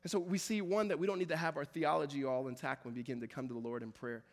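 Pastor, male, high voice, impassioned preacher who repeats lines for emphasis, long hall reverb. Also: steady tone, fast. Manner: preaches with rising intensity, repeating phrases. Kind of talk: sermon. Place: church sanctuary.

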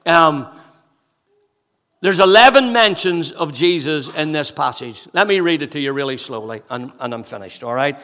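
A man's voice: fairly high pitch, expressive, moderate pace, a bit bright, in a large hall. A male pastor preaching a sermon with impassioned delivery and repeated rhetorical questions.

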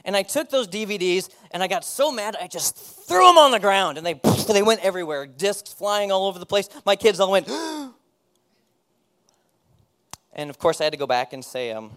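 High-voiced man giving a candid sermon. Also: very animated, moderate pace, fairly bright tone. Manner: candid, self-deprecating, laughs at himself. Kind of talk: personal testimony sermon.

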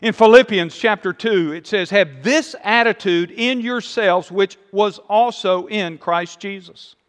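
Preacher, male, high voice, emphatic and repetitive, echoing hall. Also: a little slow, a bit bright. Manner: emphatic, rising and falling delivery with repeated phrases. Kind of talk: sermon.

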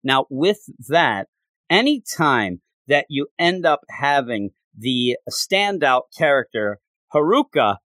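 A man hosting a casual talk show, recapping a manga chapter in an animated, rambling way with frequent restarts. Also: medium pitch, slow, no room sound. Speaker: podcast host reviewing a manga chapter. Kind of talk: casual chat.

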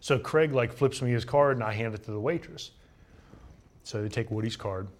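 A young man, a baseball pitcher guesting on a show, telling relaxed, joking stories in casual chat. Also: normal speed. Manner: laid-back, joking anecdotes with laughs.

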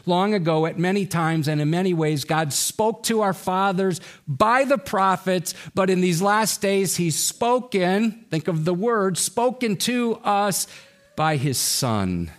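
A man preaching a sermon as pastor, slow and emphatic, with his pitch rising and falling widely for emphasis.

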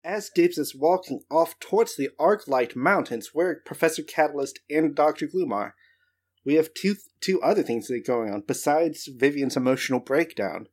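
A game master narrating a tabletop adventure in a relaxed, joking way. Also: medium pitch, moderate pace, slightly rough.

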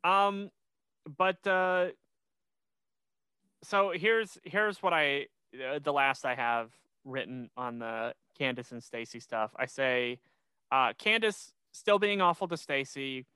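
Bright, crisp young man recapping casually. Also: mid-range voice, slow, no echo. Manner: rambling, many restarts, animated. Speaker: podcast host.

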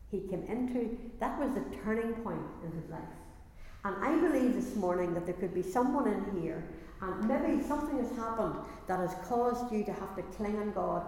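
A woman's voice: mid-range voice, a little mellow, a little hiss or hum. Woman preaching in an echoey hall. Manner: earnest, repeats and restarts phrases, rises in intensity. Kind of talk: sermon.

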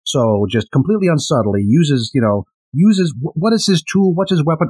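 A man's voice: fairly high pitch, big pitch swings, moderate pace, a little mellow, husky. A man co-hosting a podcast, talking through ideas in a thoughtful, casual way with frequent restarts. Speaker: podcast co-host.

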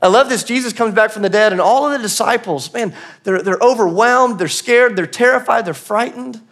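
A pastor delivers a church sermon in a church auditorium, speaking earnestly and conversationally and now and then laughing at himself. His voice is extremely high-pitched, a bit bright, and a little fast.

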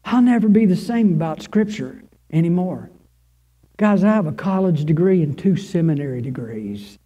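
An older male pastor preaches a heartfelt testimony with a high-pitched yet mellow voice. He repeats himself for emphasis and swings between soaring, fervent cries and hushed, near-whispered lines. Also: expressive, moderate pace, husky, poor audio. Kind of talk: sermon testimony.

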